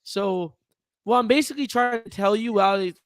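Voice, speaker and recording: A young man with a high voice chats about sports in an animated, rambling way, tripping over his own sentences. He sounds dry and close to the mic. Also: brisk, clear, resonant tone, no room sound. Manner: animated, rambling, self-interrupting. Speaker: podcast co-host. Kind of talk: casual sports chat.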